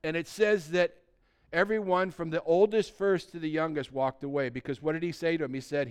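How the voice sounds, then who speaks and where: A man in his sixties preaching a sermon, animated and conversational, swinging between loud emphasis and hushed, quiet lines, and asking his congregation rhetorical questions. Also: on the high side, brisk, clean tone. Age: 60s. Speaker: pastor.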